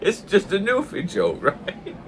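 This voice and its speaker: A man's voice: sits high, wildly swooping pitch, unhurried, noisy background. Jovial older man telling pub jokes. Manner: jovial, laughs often, mock-posh asides. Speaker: channel host. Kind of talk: casual joke-telling chat.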